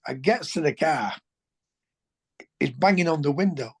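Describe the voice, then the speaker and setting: A man, a former footballer telling colloquial, animated anecdotes as an interview guest. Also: fairly high pitch, measured pace, slightly rough. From England. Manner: animated, colloquial, swears, restarts sentences. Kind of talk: anecdotal storytelling.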